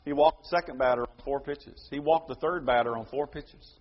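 A man preaching a sermon, emphatic, his voice swelling to loud peaks and then dropping soft. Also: mid-range voice, fairly quick, dull audio. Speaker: pastor.

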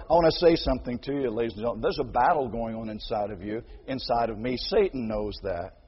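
A man preaching a sermon as pastor, animated, acting out quoted voices and building to near shouts, with a husky voice. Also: mid-range voice, a little fast. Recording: dull sound with long hall reverb.

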